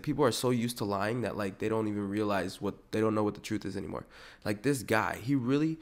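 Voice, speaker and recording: A young man in his twenties rants to his podcast listeners in a loose, profane, animated way. His voice sits at an ordinary middle pitch, and he keeps breaking into exaggerated mocking voices. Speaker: podcast host. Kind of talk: casual ranting monologue.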